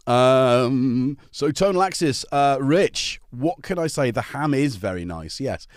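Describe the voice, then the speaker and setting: A man's voice: medium pitch, expressive, a little slow, hardly any pauses, no room sound. A man hosting a casual livestream from his home music studio, rambling cheerfully and greeting viewers by name. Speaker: livestream host.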